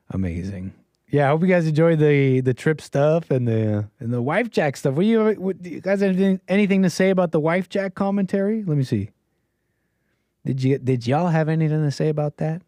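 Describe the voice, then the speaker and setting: A man's voice: on the high side, moderate pace, dark tone, no echo. A man hosting a call-in livestream, chatting in a rambling, playful way with his viewers. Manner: rambling, playful, talks to the chat. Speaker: call-in show host. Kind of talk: casual livestream chat.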